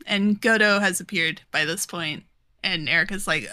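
A young woman talks casually on her podcast, walking through a story's events. Her voice is bright and clear, and she laughs easily, jumping into different voices for the characters as she goes. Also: medium pitch. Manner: giggly, acts out characters' lines in quick voices. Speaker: podcast co-host. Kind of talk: casual chat recapping a manga.

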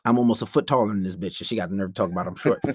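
A man's voice: low-pitched, very fast, slightly rough, no echo, clean studio sound. A young man talking bluntly and brashly in a casual monologue, acting out quotes as he tells stories.

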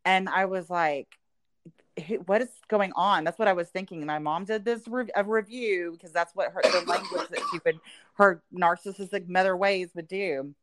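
A woman's voice: lowish voice, normal speed, fairly bright tone. A woman, co-hosting a podcast in casual, reflective chat full of "you know" fillers. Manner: reflective, speaks in southern "y'all", many "you know" fillers. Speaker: podcast co-host.

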